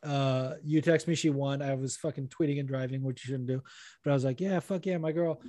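A young man co-hosting a casual chat, telling stories in an animated way and acting out what others said. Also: medium pitch, fairly quick, no echo. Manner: animated storytelling, acts out quotes. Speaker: podcast co-host.

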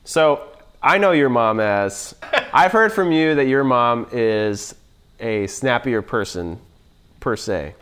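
A man's voice: medium pitch, animated, slow pace, fairly bright tone, smooth. A man chatting casually with friends, joking and often restarting his sentences. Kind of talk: casual chat.

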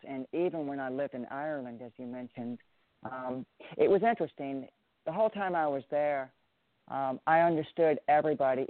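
This is a middle-aged writer from the American South, his Southern accent clear as he thoughtfully works through interview questions, frequently starting over and repeating himself. He speaks at a medium pitch. There's no room sound, and the audio has a phone-line quality.

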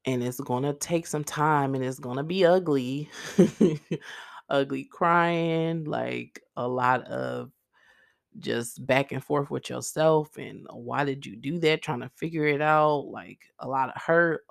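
A woman's voice: extremely low pitch, slow pace, vocal fry, no room sound, studio quality. A woman hosting her own podcast, talking earnestly to her listeners in a rambling, casual way, full of "like" and "literally.". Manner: speaks directly to listeners. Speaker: podcast host. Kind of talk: casual faith-based monologue.

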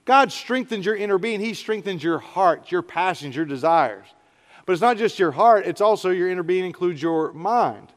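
A man's voice: high voice, expressive, normal speed. A middle-aged man, preaching an earnest, conversational sermon. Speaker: pastor. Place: church sanctuary. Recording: church hall reverb.

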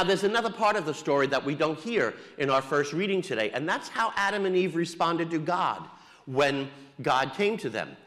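A male priest gives a homily in a relaxed, wry, conversational manner. His voice sits slightly high for a man. A long reverb trails each phrase, as in a church. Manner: conversational preaching with wry jokes. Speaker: Catholic priest.

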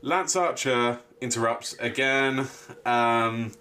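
A man co-hosting a casual wrestling chat, animated and swearing freely. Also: mid-range voice, slow, slight background noise. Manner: animated, swears a lot, mimics people he quotes. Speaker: wrestling podcast co-host.

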